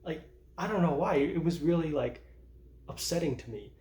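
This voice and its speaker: This man in his thirties vlogs about his personal life, wandering through stories, restarting a lot, and chuckling at himself. His voice sits high and a little mellow, with lively intonation at a normal pace, and the room gives off a noticeable echo.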